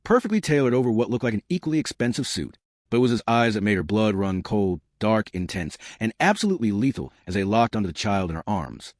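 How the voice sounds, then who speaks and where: Man, story narrator, low voice, lively swinging delivery, dry close sound. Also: fast, dry recording.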